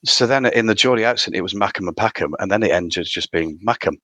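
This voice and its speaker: Male guest, North East English accent, low-pitched, chatty podcast interview, dry close sound. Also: fast talker, pushed and bright, no echo. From North East England. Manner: chatty, restarts sentences. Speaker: theatre director guest.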